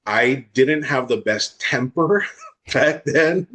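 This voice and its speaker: Husky Hawaii guy telling stories fast. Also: mid-range voice, animated, fairly bright tone. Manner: fast, unfiltered storytelling with acted-out quotes. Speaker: guest. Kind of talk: casual storytelling.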